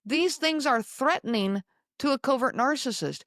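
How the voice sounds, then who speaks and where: A woman hosting a podcast, speaking slowly and emphatically to her listeners and repeating key lines. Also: high-pitched, animated, fairly bright tone, no room sound, studio quality. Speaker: podcast host. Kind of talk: solo talk to listeners.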